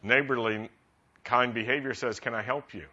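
A man preaching a sermon to a congregation in a conversational, practical way, rising to animated emphasis. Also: medium pitch, normal speed. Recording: dull lo-fi sound.

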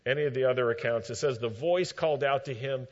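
A man preaching a sermon, retelling scripture with emphatic, measured storytelling and dry asides. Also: medium pitch, darkish tone. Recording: dull lo-fi recording.

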